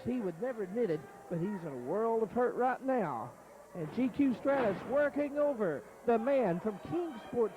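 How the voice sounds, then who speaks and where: A man calling a wrestling match play by play in a folksy, excited way. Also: very high-pitched, dull audio, noisy background. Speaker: wrestling commentator. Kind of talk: play-by-play commentary.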